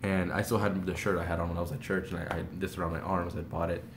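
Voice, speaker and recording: A young man telling a storytime vlog in a rambling, excitable way, jumping into loud shrieks as he acts out what he said. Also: sits low, fast. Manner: breathless, swings into loud shrieks when reenacting. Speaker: vlogger. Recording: echoey room with faint noise.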